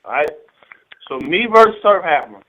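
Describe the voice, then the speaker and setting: Profane battle rapper on tinny audio. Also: male voice, high-pitched, lively intonation, moderate pace. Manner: profane, streetwise, retells phone calls with quoted dialogue. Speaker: battle rapper in an interview clip. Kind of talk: animated storytelling in an interview.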